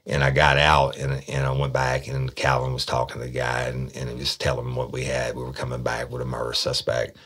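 A man's voice: a bass voice, a little fast, few pauses, husky. A man telling a true-crime story from his days as a detective, blunt and profane, acting out the people he quotes. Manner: blunt, profane, animated when quoting people. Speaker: podcast storyteller, former detective.

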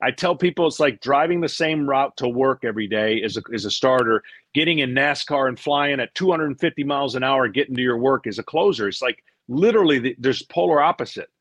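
A middle-aged man, a former pitcher, telling stories in a casual interview; he acts out what people said and often repeats words as he goes. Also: fairly quick, dry recording. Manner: animated storyteller, acts out quotes, repeats words.

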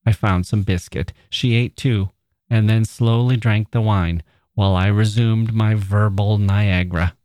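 Guy reading an old story aloud, low voice, dry close mic, steady pace. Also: a little slow, dry recording. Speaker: podcast host reading a short story.

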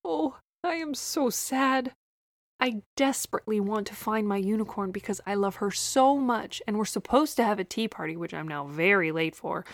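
A woman's voice: fairly high pitch, no room sound, studio quality. A woman voicing a worried, earnest young girl in a storybook, pleading and breathless. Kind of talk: storybook voice acting.

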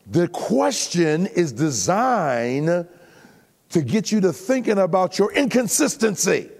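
An older man preaching a sermon, animated and humorous, sometimes shouting. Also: mid-range voice, creaky. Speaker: pastor. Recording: reverberant hall recording.

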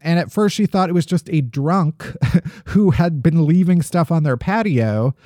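A host with a dark, medium-pitched voice works unhurriedly through strange news items on a laid-back podcast, with no room sound at all. Jokey throughout, he drops dry asides and laughs while reading.

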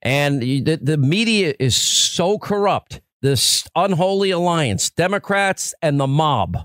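A middle-aged man hosts political talk radio, pressing his points in emphatic, repeated lists. His voice sits fairly high for a man. It is recorded close on a dry studio microphone. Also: lively intonation, slow, fairly bright tone, no echo. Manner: emphatic, repetitive rhetorical lists. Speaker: radio talk show host.

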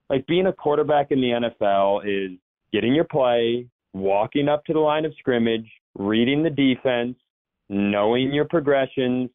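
A man's voice: medium pitch, normal speed, dry recording. A man in casual sports chat, rambling and correcting himself as he talks through football. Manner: rambling, self-correcting, jumps into quoted voices. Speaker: sports show guest. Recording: tinny phone-like line.

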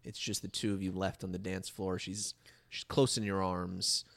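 A man's voice: sits low, little pitch movement, normal speed, creaky. A man co-hosting a casual chat, chuckling often and reading out song facts with dry humor. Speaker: podcast co-host. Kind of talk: casual chat about old records.

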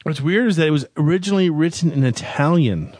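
Male podcast host, dry teasing humor, slightly high voice, dry close sound. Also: expressive, fast, a little mellow, slightly rough, no room sound. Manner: dry, teasing, wraps up the show. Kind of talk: casual podcast banter.

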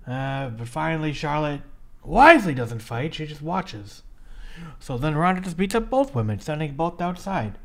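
A man's voice: a little high, big pitch swings, gravelly, a bit bright. A man co-hosting a casual podcast, recapping a wrestling match in a blunt play-by-play way. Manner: blunt, rapid play-by-play narration. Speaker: podcast co-host.

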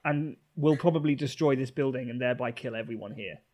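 A man's voice: medium pitch, fairly quick, a little mellow. A man playing his character in a tabletop game, speaking earnestly in character. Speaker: player.

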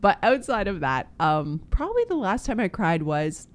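A woman's voice: medium pitch, very animated, normal speed. Earnest woman co-host, laughing often. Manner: earnest, laughs often, says beautiful a lot. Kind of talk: casual chat.

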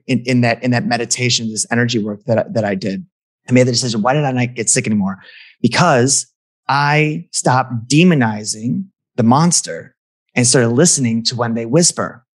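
A man's voice: mid-range voice, moderate pace. A man talking as a guest in an earnest, reflective conversation, restarting phrases as he thinks aloud.

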